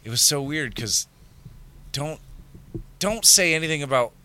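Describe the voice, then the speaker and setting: A man telling stories as a podcast guest, animated and acting out quoted lines. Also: fairly high pitch, unhurried, slight background noise. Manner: animated storyteller, acts out quotes. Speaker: podcast guest, adult film performer. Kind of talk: casual chat.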